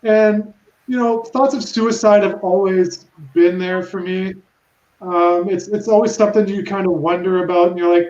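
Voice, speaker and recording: A woman's voice: medium pitch, fairly even intonation, a little mellow. Woman on a roomy, dull video call. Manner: halting, emotional, many restarts. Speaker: panelist. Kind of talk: personal testimony on a panel.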